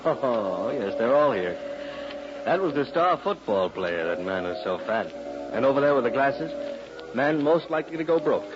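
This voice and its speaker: An actor playing a snide, gossipy classmate at a reunion in a 1940s radio drama. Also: male voice, mid-range voice, very animated, normal speed, natural voice. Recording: dull old radio recording with music.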